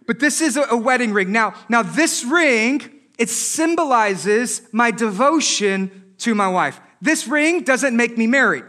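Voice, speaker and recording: A married man preaching a sermon as pastor, animated, with joking asides and rhetorical questions. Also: very high-pitched, measured pace. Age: adult, married.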